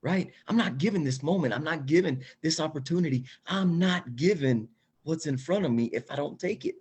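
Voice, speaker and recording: A man giving an energetic, emphatic motivational talk as a guest, repeating phrases for effect. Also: on the high side, brisk, husky. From Mexican heritage.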